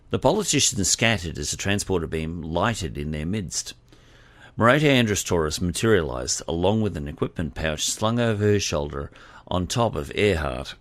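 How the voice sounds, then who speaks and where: A man reading scripted audiobook narration in a steady, expressive way. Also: low voice, dry recording.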